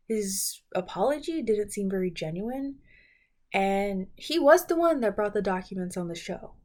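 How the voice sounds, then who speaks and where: With a mid-range voice and a darkish tone, a young beauty and reality TV vlogger talks about show contestants in a relaxed, playful way.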